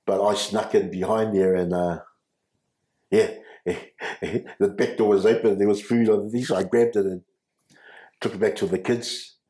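A man's voice: on the low side, fairly even intonation, warm tone. Older New man telling his story. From New Zealand. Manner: halting, many restarts, chuckling often. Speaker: interview guest. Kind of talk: personal storytelling. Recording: echoey room.

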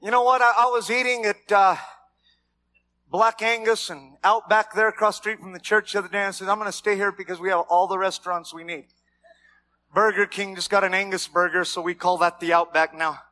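A man preaching a sermon as pastor, animated, with shouted peaks and dry humor. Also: sits high, a little fast. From Mexican heritage, raised among white Americans.

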